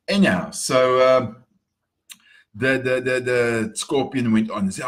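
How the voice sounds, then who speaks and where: A man's voice: mid-range voice, moderate pace. Brief: easygoing man talking business on a morning vlog, medium voice, upbeat and loose. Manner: chatty, upbeat, repeats words. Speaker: marketing vlogger.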